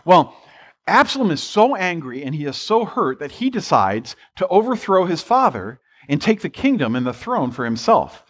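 A man's voice: fairly high pitch, very animated, moderate pace, husky. A pastor preaching a sermon, retelling a story in a loose, conversational way and voicing the characters with "he's like".

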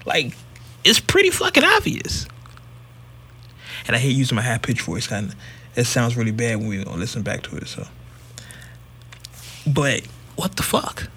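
Bright-voiced man ranting bluntly. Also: mid-range voice, normal speed, pauses often, slightly rough. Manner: emphatic, blunt and profane. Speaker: podcast host. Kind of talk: casual commentary.

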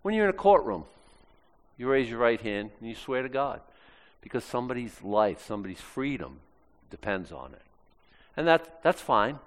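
A man's voice: medium pitch, big pitch swings, normal speed, pauses often. A man preaching a sermon, acting out quoted lines in shifting voices. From Maine, US. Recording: long hall reverb.

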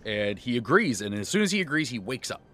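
Animated man recounting a tabletop game. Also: medium pitch, fast. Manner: animated storyteller with many restarts and laughs. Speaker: game master and podcast host. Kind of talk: casual recap of a tabletop game.

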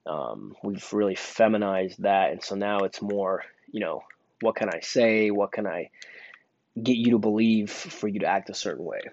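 In a dull, dry, lo-fi recording, a young man who works at a store casually wanders through a personal anecdote about work, stumbling with fillers and restarts. He speaks at a moderate pace in a fairly low, slightly mellow voice.

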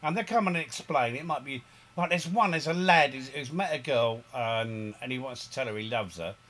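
A man in casual podcast chat, telling stories in a rambling, animated way with frequent restarts. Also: mid-range voice, normal speed.

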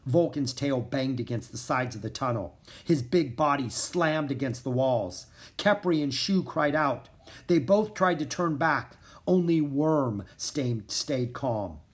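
A man narrating a children's storybook in an expressive, dramatic reading style. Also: mid-range voice, measured pace. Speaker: audiobook narrator.

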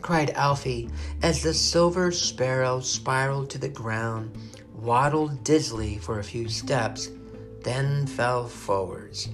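A man reading a children's adventure chapter aloud, expressive and dramatic. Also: medium pitch. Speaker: narrator. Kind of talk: storybook reading.

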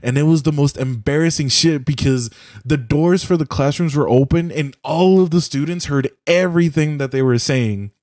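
Mellow-voiced young man telling a rambling story. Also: fairly high pitch, normal speed, dry recording, clean studio sound. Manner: rambling, profane, heavy use of "like". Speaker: podcast co-host. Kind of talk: casual storytelling chat. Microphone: computer mic on a voice call.

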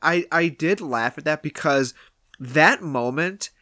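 A podcast co-host in casual movie review chat, retelling scenes in an animated way. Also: medium pitch, slow, no room sound.

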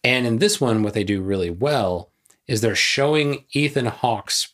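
A man's voice: mid-range voice, a little slow, fairly bright tone. Playful laughing male podcast co-host. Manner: playful, laughs often, jokey. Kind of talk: casual chat.

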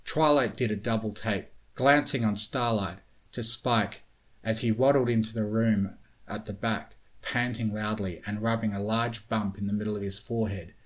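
A man reading a storybook tale aloud in a steady, measured way. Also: fairly low pitch. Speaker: reader. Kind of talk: storybook narration of fan fiction.

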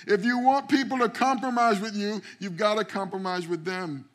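Preaching pastor, high-voiced man. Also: steady tone, moderate pace, fairly bright tone. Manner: preaching with call-outs to the congregation; repeats words at the start of phrases. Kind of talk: sermon. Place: church sanctuary.

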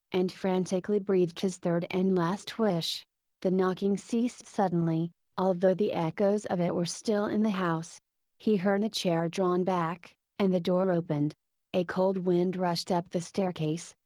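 Low, mellow-voiced woman narrating a story. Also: dry recording.

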